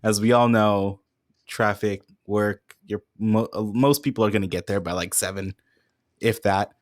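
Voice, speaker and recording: A man co-hosting a casual podcast, relaxed and chuckling as he runs through event details. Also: on the low side, unhurried, no room sound, studio quality. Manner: laid-back, chuckling, reads event details. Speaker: podcast co-host. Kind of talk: casual chat.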